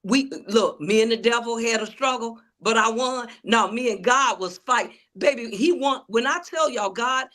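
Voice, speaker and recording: Speaking a little high and a bit bright, at normal speed with hardly any pauses, a woman author and preacher relates her story. The testimony-style interview talk is preachy, and she calls out to the crowd with "y'all."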